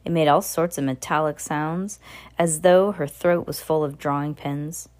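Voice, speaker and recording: Woman narrator, low voice, amateur storybook read-aloud with slips. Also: steady tone, a little slow, a little mellow. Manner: earnest, with small slips and restarts. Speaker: reader. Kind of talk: reading a children's novel aloud.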